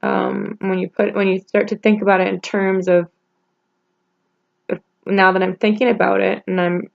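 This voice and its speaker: A woman talking haltingly in a personal vlog, holding back tears, with many pauses and restarts. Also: medium pitch, vocal fry, a little mellow, highs cut off. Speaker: vlogger.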